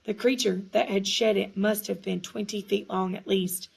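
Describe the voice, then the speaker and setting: A woman reading a storybook aloud in a hushed, suspenseful manner, now and then correcting small slips. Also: mid-range voice, fairly even intonation, normal speed, gravelly, husky, low-quality recording. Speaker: audiobook reader. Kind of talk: storybook narration.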